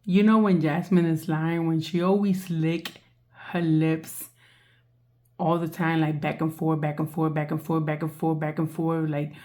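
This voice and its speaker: Very deep-voiced woman with a sore voice. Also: level tone, measured pace. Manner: mocking, laughing, talking softly. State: sore, strained voice. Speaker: reaction video host. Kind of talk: reaction commentary.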